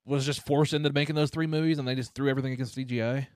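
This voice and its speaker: An American man hosts a podcast, trading crude, profane, animated jokes with his co-host in casual banter. His mid-range voice is smooth and very fast, with clean studio sound and no room sound.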